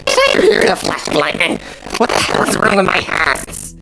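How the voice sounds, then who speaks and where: A man voicing a haughty, radiant heroine who talks loudly and grandly, over music. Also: mid-range voice, a little slow, gravelly, heavy background noise. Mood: indignant. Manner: loud, grandiose. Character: haughty radiant heroine, woman, self-proclaimed boss. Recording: loud music underneath.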